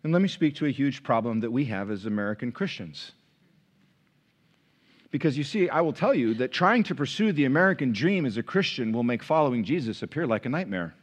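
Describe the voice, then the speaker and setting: A male pastor preaching a sermon, chatty and informal one moment, rising to impassioned, near-shouted preaching the next. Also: medium pitch, animated, a little fast. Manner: conversational, building to impassioned shouting.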